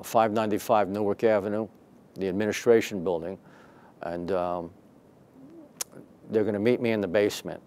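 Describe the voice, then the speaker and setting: A lowish-voiced older man recounting an old arrest to an interviewer. He talks in a lively, salty way and slips into the voices of the people in his story. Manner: animated, profane, acts out quoted dialogue. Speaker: retired detective and boxing referee.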